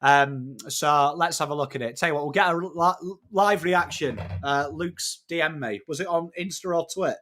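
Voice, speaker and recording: Bright-voiced English live-stream host. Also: male voice, on the high side, normal speed, few pauses, a little hiss or hum. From England. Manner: matey, excitable, swears freely, greets chat by name. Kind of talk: casual live-stream chat and trade analysis.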